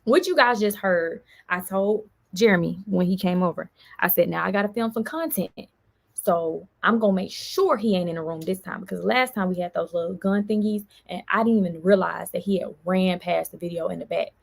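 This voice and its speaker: A woman vlogger, venting in an animated storytime and quoting others as she goes. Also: lowish voice, fairly quick, creaky. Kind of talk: casual storytime vlog.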